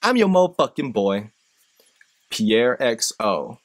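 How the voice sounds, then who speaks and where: In a sing-song, medium-pitched voice and at a slow pace, a man hosting a live stream recounts stories. He also gives an impassioned, profanity-laced motivational speech that rises in intensity when he's fired up.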